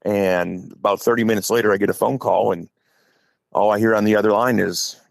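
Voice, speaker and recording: A middle-aged man with an Upper Midwest accent, talking low and gravelly as he spins a chatty, rambling story. His voice sits fairly deep and close to the mic in a dry, dead room. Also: steady tone, a little fast, dry recording. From Wisconsin. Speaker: guest, high school head football coach. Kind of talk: casual podcast storytelling.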